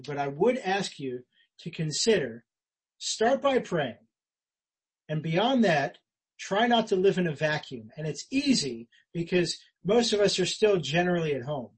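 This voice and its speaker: Man, pastor, sermon, high voice, earnest conversational preaching, emphatic swells and quiet drops. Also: husky, rough recording. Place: church.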